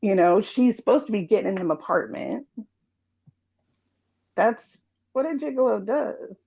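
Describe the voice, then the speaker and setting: Gravelly, dark-voiced woman on a dull line. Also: medium pitch, expressive, unhurried. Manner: insistent, speculating with emphatic bets. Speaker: guest commentator. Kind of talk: casual live-stream chat.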